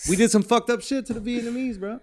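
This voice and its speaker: Rowdy high-pitched laughing man. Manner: rowdy, laughing, slips into mocking put-on voices. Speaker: podcast co-host. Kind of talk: loud comedic banter. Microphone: studio podcast mic.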